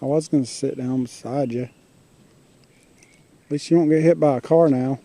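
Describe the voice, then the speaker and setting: A man, rambling in halting bits as he talks to a hurt animal on the road. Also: mid-range voice, fairly even intonation, dark tone. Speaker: passerby filming a hurt raccoon. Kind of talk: casual filmed talk.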